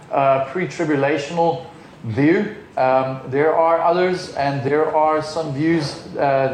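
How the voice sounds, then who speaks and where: A man preaching a sermon in a relaxed, conversational way, stopping often for ums and restarts. His voice sits a little higher than most men's. The sound bounces around a roomy space, with a faint hum of ambience behind him. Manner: informal, rambling with many fillers. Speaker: pastor.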